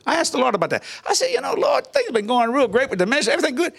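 Animated older man, high lively voice. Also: racing, creaky. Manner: animated, chuckling often, acts out quoted voices. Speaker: minister guest. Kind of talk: testimony storytelling in an interview.

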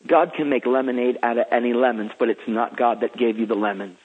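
A man's voice: medium pitch, fairly even intonation, brisk, breathy edge. A man who is a guest minister, telling stories in an eager, emphatic, preacherly way. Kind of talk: enthusiastic storytelling. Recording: phone-like radio line.

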